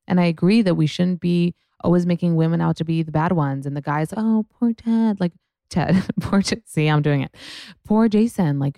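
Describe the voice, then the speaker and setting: A woman's voice: low voice, vocal fry, mellow, no room sound, clean studio sound. A young woman hosting a podcast, chatting frankly and profanely about celebrity gossip in a rambling way. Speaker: podcast host. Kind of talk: casual gossip chat.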